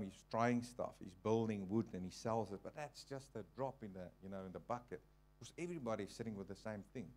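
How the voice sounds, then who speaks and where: Low-voiced man preaching. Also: a little mellow. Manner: conversational, halting, with frequent restarts. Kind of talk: informal sermon with personal story. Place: church hall.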